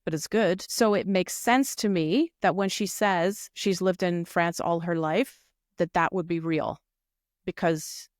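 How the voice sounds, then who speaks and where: A woman co-hosting a casual show recap, explaining her views in a thoughtful, measured way. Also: on the low side, no room sound, studio quality. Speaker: recap podcast co-host. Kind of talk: casual chat reviewing a reality show.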